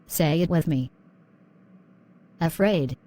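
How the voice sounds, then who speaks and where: A woman's voice: on the low side, lively intonation, slow pace, darkish tone. A woman teaching English vocabulary in a scripted drill, encouraging and repeating words.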